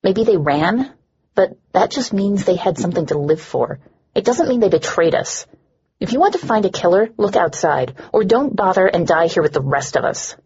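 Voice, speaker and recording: A woman narrator voicing a bitter, sharp-tongued young woman who sneers at everyone. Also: fairly low pitch, lively intonation, normal speed, husky, muffled recording, exaggerated voice. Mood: scornful. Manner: sneering, scornful.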